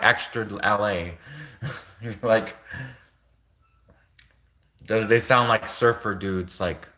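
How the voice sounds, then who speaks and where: Bright-voiced, rambling young man. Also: lowish voice. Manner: rambling, heavy "like" filler, frequent laughter. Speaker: livestream host. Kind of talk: rambling casual monologue.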